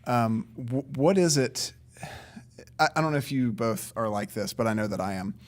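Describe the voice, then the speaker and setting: A man's voice: mid-range voice, expressive, moderate pace. Man hosting a casual podcast chat. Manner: friendly interviewer asking reflective questions. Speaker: podcast host.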